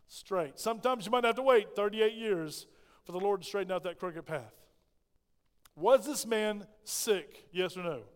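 A male pastor preaching a sermon, emphatic and full of rhetorical questions to the congregation. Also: high voice. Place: church hall. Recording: long reverb of a large hall.

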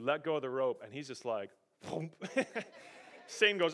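A man pastor preaching a sermon, animated and emphatic, rising and falling in volume. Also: on the high side, normal speed, long pauses.

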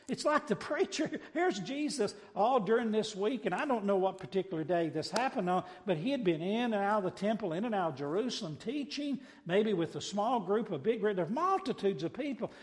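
A pastor preaching a sermon, swinging between quiet conversational asides and loud, emphatic cries. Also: male voice, high-pitched, expressive, fairly quick, few pauses, in a large hall.

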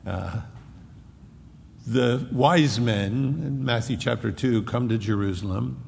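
A man preaching a sermon, animated and emphatic, often repeating phrases to drive a point home. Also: mid-range voice, takes it slowly, vocal fry. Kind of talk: expository sermon. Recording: long reverb of a large hall.

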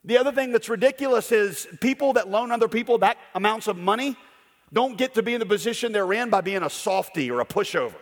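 In a large hall with a long, ringing echo, a male pastor with a fairly high voice preaches an emphatic sermon at a quick pace. His intonation is lively, climbing to loud declarations and sinking into hushed storytelling.

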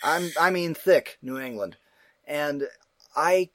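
A man chatting casually about a film he watched, rambling, animated and quick to act out his own confused reactions. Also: a little high, no room sound, clean studio sound. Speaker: movie reviewer. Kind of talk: casual movie review chat.

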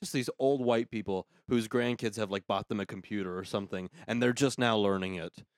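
A man's voice: lowish voice, a little fast, no echo, clean studio sound. A young man hosting a casual podcast, opinionated and sarcastic, cutting in to finish his thoughts. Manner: opinionated, sarcastic, talks over co-host. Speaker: podcast host. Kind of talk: casual ranting chat.

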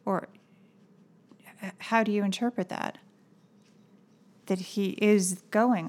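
A woman's voice: medium pitch, steady tone, takes it slowly, pauses often, a little mellow. A woman co-hosting a daily devotional podcast, chatting and teasing, then reading scripture aloud steadily. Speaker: podcast co-host. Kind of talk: casual chat and scripture reading.

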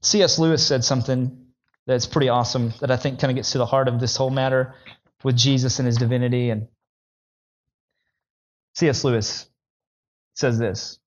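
A man preaching a sermon in an animated way, his voice climbing high when he voices the questioners. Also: normal speed, pauses often, lo-fi sound.

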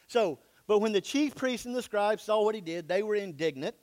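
Man, pastor, high pitched voice, folksy sermon delivery. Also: lively intonation, moderate pace, hardly any pauses, darkish tone. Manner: folksy, reads scripture then explains it in plain talk.

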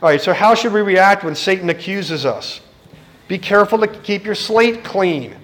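A man's voice: high-pitched, lively intonation, moderate pace, fairly bright tone. A middle-aged man preaching a sermon in an earnest, direct way, speaking to the congregation and acting out the voices he quotes.

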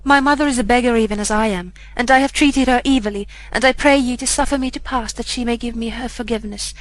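A woman's voice: a little high, fast talker, natural voice. A woman voicing a remorseful outcast boy who pleads humbly in an audiobook reading. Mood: humble.

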